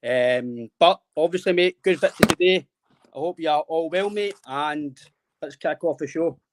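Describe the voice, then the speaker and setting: A man in his late twenties hosts a laid-back podcast chat. His voice sits a touch higher than most men's. His delivery is friendly and loose, full of fillers. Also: normal speed, noisy background. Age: 20s. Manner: friendly, rambling, says "mate" constantly. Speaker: podcast host.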